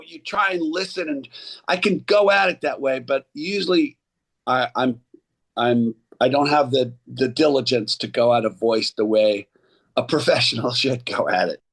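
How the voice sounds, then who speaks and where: A man's voice: mid-range voice, moderate pace, breathy edge. A middle-aged actor and acting coach chatting casually as a podcast guest, rambling and restarting as he tells stories. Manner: rambling, restarts often, animated storyteller.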